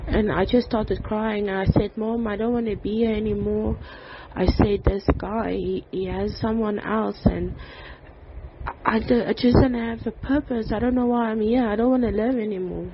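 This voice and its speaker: A woman giving a personal faith testimony, in a halting way with many "like"s and "um"s. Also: medium pitch, slight background noise. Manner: halting, with frequent "like" and "um". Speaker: testimony speaker. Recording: dull lo-fi recording.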